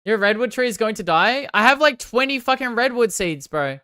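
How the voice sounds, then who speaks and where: A woman livestreaming a game, chatting with her viewers and swinging from excited outbursts to sheepish apologies. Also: a little high, brisk, clean tone, no echo, clean studio sound. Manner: banters with chat, swears casually. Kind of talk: casual gaming livestream chat.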